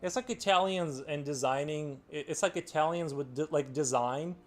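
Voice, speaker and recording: A man's voice: fairly high pitch, moderate pace. A man chatting casually on a live stream, rambling and using "like" a lot. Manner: rambling, heavy filler "like".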